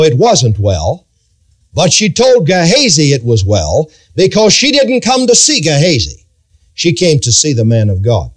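A man preaches a dramatic, emphatic sermon with sweeping pitch swings, retelling scripture in old-fashioned biblical wording.

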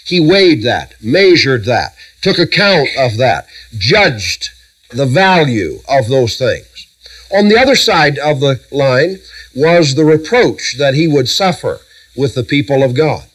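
A middle-aged man preaching a sermon, walking a congregation through Bible verses with emphatic lists and measured pauses. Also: mid-range voice, very animated, a bit bright, husky, rough recording.

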